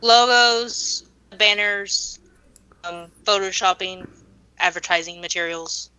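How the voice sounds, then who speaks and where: A woman's voice: mid-range voice, takes it slowly, pushed and bright, smooth, rough recording. A woman guest on a casual podcast, a graphic designer who answers in a matter-of-fact, self-deprecating way.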